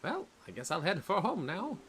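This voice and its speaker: A man's voice: high voice, wildly swooping pitch, moderate pace, fairly bright tone, pitched above the performer's own voice, full character voice. A man voicing a cheerful, boastful male wind spirit while reading game dialogue aloud in a playful, theatrical voice.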